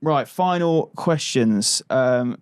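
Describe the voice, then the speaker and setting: A man's voice: medium pitch, lively intonation, slow, clean tone, dry recording, clean studio sound. A man hosting a podcast in casual chat, chatty, laughing often and swearing casually. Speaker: podcast host.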